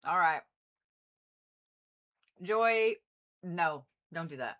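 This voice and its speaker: Bright-voiced woman astrologer chatting loosely. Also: fairly low pitch, moderate pace, pauses often. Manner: loose, joking, swears freely. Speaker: astrologer host. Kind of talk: casual livestream chat and chart reading.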